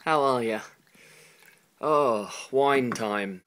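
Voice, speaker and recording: A man's voice: mid-range voice, very slow, a bit bright. Chatty tipsy young Englishman vlogging. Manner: chatty, rambling, self-mocking. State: tipsy, hiccuping. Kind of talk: casual vlog to camera.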